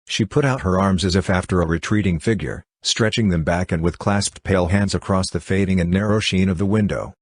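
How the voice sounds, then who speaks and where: A man narrating a literary audiobook in a measured, somber reading. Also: low voice, no room sound, clean studio sound.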